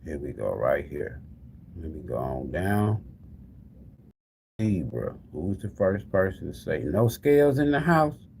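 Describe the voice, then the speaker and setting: A man's voice: deep voice, big pitch swings, unhurried, vocal fry, a little mellow, slight background noise. A man hosting a tarot live stream, chatting casually with viewers and repeating the same calls to them over and over. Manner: talks straight to the viewers as "y'all". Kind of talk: casual live-stream chat, giving away prizes.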